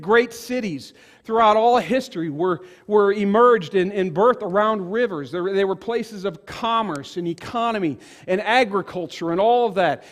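Man, high voice, animated storytelling preacher. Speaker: pastor. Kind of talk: sermon with storytelling.

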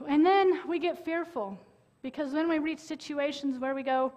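A high-voiced woman preaches a sermon earnestly, holding dramatic pauses before erupting into sudden loud bursts.

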